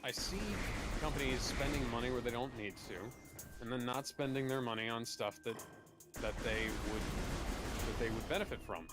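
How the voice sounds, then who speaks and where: A man's voice: medium pitch, fairly even intonation, moderate pace, over loud music. A man co-hosting a podcast in casual chat, rambling and swearing casually. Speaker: podcast co-host. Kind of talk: casual chat while gaming.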